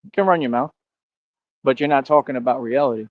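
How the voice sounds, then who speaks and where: A man's voice: mid-range voice, fast talker, dry recording, phone-quality sound. A man ranting to his chat on a livestream, boastful and confrontational, who keeps calling people bro.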